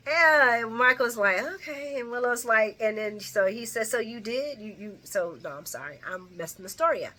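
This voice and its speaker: Brief: woman host, bright chatty delivery, rambling casual recap with restarts. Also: a little high, animated, moderate pace, hardly any pauses. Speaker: soap opera recap host.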